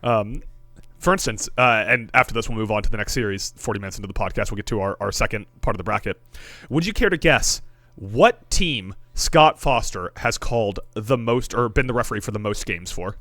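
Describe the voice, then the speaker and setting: A man's voice: lowish voice, lively intonation, fairly quick, pushed and bright, dry recording. A man co-hosting a sports podcast in casual chat, wry and riffing, with casual swearing. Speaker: podcast co-host.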